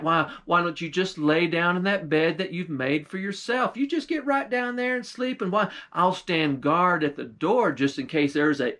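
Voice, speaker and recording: An earnest, kind young hero from a folktale, talking in a folksy country drawl, as a man plays him. His voice sits high. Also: fairly bright tone, natural voice.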